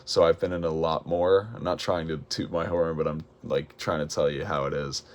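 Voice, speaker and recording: A man's voice: rumbling low, flat delivery, normal speed. A young man in musical theatre, chatting casually in a vlog, tired, with many ums and restarts.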